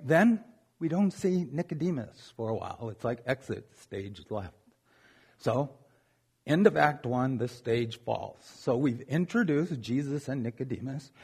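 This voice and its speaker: A man's voice: medium pitch, gravelly, a little mellow, husky. A man preaching a sermon in a conversational, joking way, often checking in with "okay?".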